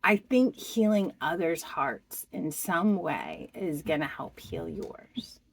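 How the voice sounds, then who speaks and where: A woman doing a pick-a-card tarot reading, speaking to the viewer in a slow, heartfelt and expressive way. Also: fairly low pitch, gravelly. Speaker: tarot reader.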